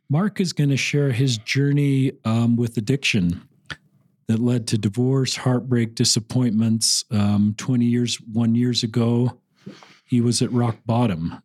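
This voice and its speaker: A middle-aged man hosting a podcast interview, speaking slowly and earnestly as he reads a friend's post aloud. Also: medium pitch, darkish tone, no echo. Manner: slow, earnest, moved to emotion while reading. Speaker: podcast host.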